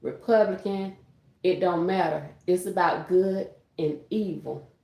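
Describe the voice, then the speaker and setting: Deep-voiced woman doing commentary between clips, talks plain and direct, roomy echo. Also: a little slow, gravelly, a little mellow. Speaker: commentary channel host.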